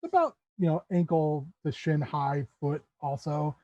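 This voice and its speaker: A man's voice: on the high side, expressive, unhurried, a little mellow, no room sound, muffled recording. Rambling game master, man. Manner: loose, rambling, many fillers. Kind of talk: narrating a tabletop game.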